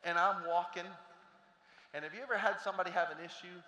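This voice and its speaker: Guy in his 30s firing up a room of teachers, high bright voice, big echoey hall. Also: fast, dull audio, slight background noise. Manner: animated, questions the crowd, acts out stories. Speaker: motivational speaker. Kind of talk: motivational talk to teachers.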